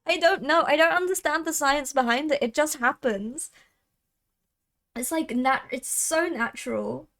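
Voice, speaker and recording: A young woman of Thai heritage chatting casually on a livestream, talkative and quick to laugh. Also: sits high, fairly bright tone. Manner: chatty, laughs often, trails off. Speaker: streamer.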